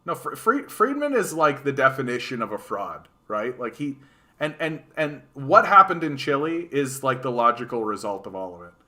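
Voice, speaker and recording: On a live stream, a man with a Canadian accent reacts to chat with casual, sarcastic commentary about politics. His voice is mid-range at a normal speed, and his animated delivery is full of repeated words and restarted sentences.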